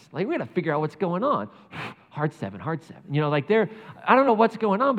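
A man giving a casual, conversational sermon, animated and chatty, laughing often and saying "like" a lot. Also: sits high. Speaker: preacher. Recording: muffled sound with long hall reverb.

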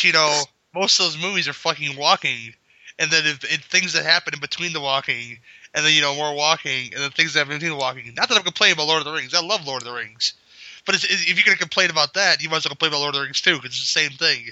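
A laid-back, teasing man chatting about movies and swearing freely. His voice is very bright and edgy, a touch higher than most men's, and the recording is dry, close, and dull lo-fi. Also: quick pace, dry recording. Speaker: podcast co-host. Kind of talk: casual movie-talk chat.

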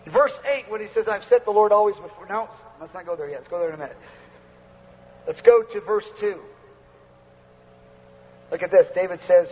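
A high-voiced man preaches with loud, exuberant repetition, often breaking into shouts. His voice carries a long hall reverb, and the recording sounds dull and lo-fi. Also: brisk. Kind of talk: sermon.

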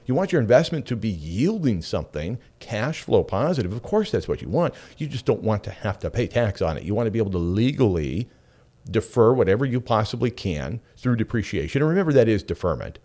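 A middle-aged man hosts a talk radio show with a low voice that swings widely and expressively as he talks. He chats freely, drifts into side stories and asides, then comes back to his point. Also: brisk. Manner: animated, chatty storyteller with frequent asides. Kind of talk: casual talk radio monologue.

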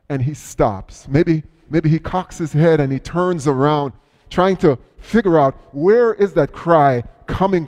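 A man preaching a sermon in a church, retelling a story with dramatic swings between loud cries and hushed words. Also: a little high, in a large hall. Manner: storytelling, dramatic shifts in loudness and pace. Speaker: pastor.

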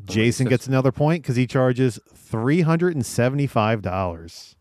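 A man's voice: mid-range voice, expressive, normal speed, darkish tone, no echo, clean studio sound. A man hosting a casual podcast chat, quizzing his co-hosts and moving the game along. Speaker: podcast host running a guessing game.

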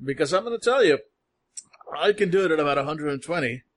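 A man's voice: fairly high pitch, animated, fast talker. A man voicing a tipsy, boastful male sharpshooter who repeats himself and draws out his boasts with a friendly swagger.

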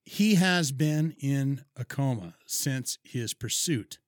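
A man's voice: lively intonation, slow pace, dry recording, studio quality. A man co-hosting a podcast in casual chat, emphatic and swearing freely. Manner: profane, emphatic, pushy pitch. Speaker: podcast co-host.

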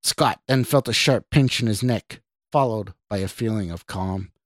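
A man, the podcast host, reading his own horror story in a measured, steady way. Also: lowish voice, no room sound, studio quality. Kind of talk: scripted horror narration.

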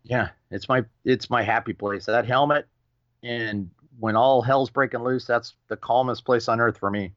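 A middle-aged man telling a racing story with lively energy, acting out quoted voices and swearing casually as a podcast guest. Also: mid-range voice, normal speed, dry recording, highs cut off. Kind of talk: animated storytelling.

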